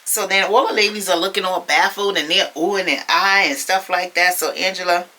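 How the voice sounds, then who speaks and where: Woman vlogger, low voice, bright forceful tone, sassy chatty recap, talks to viewers. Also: fairly even intonation, fairly quick. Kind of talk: casual episode recap.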